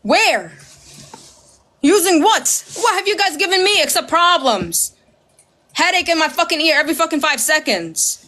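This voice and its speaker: A woman ranting straight to camera, loud and heated, swearing constantly and mimicking her critics with sarcasm. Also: very high voice, animated, normal speed. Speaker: social media creator. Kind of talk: ranting direct-to-camera video.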